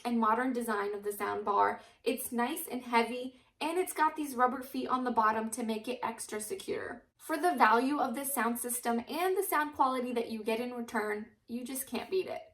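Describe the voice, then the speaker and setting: A woman's voice: sits high, a bit bright, far from the mic. A young woman hosting a casual product review at home, talking in an upbeat, enthusiastic way. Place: home living room. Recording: roomy echo, mic set back.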